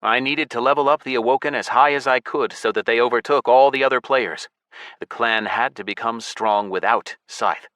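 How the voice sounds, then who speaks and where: A man narrating a science fiction audiobook in the first person, with steady, measured storytelling on a close studio mic. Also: medium pitch, no echo.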